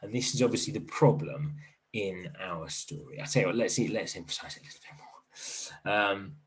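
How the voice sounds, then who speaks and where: A man teaching an online primary literacy lesson in a gentle, encouraging way, thinking aloud as he writes. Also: low-pitched, a little fast.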